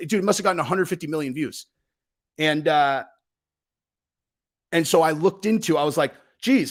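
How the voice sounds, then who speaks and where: A swearing, storytelling male vlogger. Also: a little high. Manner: profane, animated, acts out quoted dialogue. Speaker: host. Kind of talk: casual storytelling.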